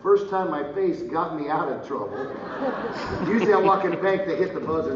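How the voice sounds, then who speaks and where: A middle-aged man telling a personal story to an audience, lively and loud, acting out what others said. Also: on the high side, a little slow, long pauses, a crowd in the background, background noise. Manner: lively, loud bursts and laughs, slips into voices of others. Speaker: speaker telling his story at a live event. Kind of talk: animated storytelling with acted-out quotes. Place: large casino hall. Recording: roomy, distant, dull audio with ambience.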